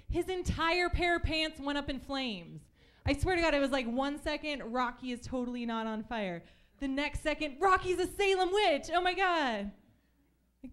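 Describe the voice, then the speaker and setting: A young woman telling stories in a stand-up comedy set on a club stage, chatty with lots of fillers and acted-out voices. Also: high-pitched.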